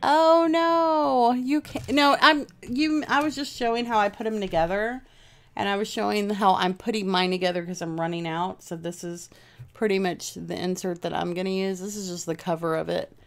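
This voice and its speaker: A woman's voice: mid-range voice, steady tone, normal speed. A woman hosting a casual crafting livestream from home, rambling chattily and answering viewers' comments by name.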